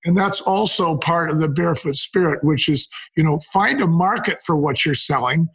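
An older man talks through his company's early days in a relaxed interview. His voice is husky and sits a little high for a man. He tells stories by acting out the people he met. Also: moderate pace. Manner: anecdotal, quotes people in lively retellings. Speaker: wine company co-founder, guest. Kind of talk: casual interview storytelling.

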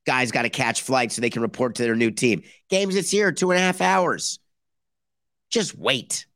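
A man's voice: medium pitch, fairly quick, a bit bright, dry recording, clean studio sound. A man hosting a baseball podcast, talking in sarcastic bursts and acting out mock conversations between teams. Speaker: podcast host. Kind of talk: animated baseball commentary.

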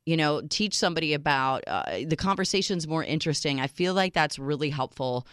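A woman's voice: deep voice, brisk, fairly bright tone, clear, resonant tone, dry recording, clean studio sound. A woman in her thirties co-hosting a talk radio show, chatting casually about relationships and reading listener emails aloud.

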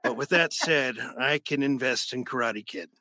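A man putting on an impression of a gruff, lonely old man with diabetes, low and gravelly. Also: moderate pace, bright, forceful tone, dry recording. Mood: wheedling.

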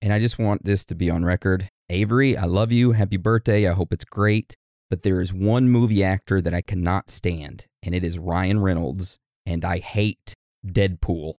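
Joking man reading birthday shout-outs. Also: low voice, normal speed, dry recording, clean studio sound. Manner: joking, self-deprecating. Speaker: podcast co-host.

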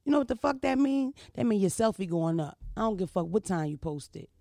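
A young woman hosts her podcast in a loose, profane, animated monologue, always checking in with her listeners. Her voice carries a gravelly fry. The sound is dry and close, with no room around it. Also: medium pitch, fast, dry recording. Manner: profane, animated storytelling with frequent "you know what I mean?". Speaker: podcast host. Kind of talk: casual monologue storytelling.

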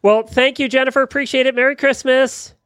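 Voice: high voice, fairly even intonation, a little fast, a bit bright, clear, resonant tone, no echo, clean studio sound. A chatty radio host who laughs easily, interviews a guest and takes callers. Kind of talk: talk radio hosting.

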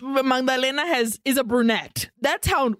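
A woman's voice: high voice, dry recording, clean studio sound. A woman co-hosting a podcast, chatting casually about a film and slipping Spanish phrases into her English. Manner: expressive, quick to laugh, mixes Spanish into English. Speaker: podcast co-host. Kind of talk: casual movie recap chat.

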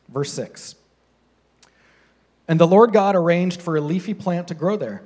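An animated man preaching to a congregation, his voice sitting a little high. He swings between lively, playful storytelling and quieter, earnest points. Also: moderate pace, pauses often. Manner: animated, mocking voices for the characters. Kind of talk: sermon.

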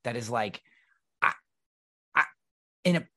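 A man on a podcast, telling blunt, profane stories in a casual, animated way. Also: medium pitch, a little slow. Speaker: podcast guest. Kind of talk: casual conversation.

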